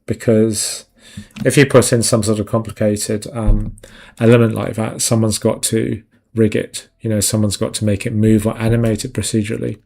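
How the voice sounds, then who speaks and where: A concept artist chats casually on a live stream while he draws, rambling, putting himself down, and letting his thoughts trail off. His voice is fairly low, creaky, and darkish, delivered flatly at normal speed.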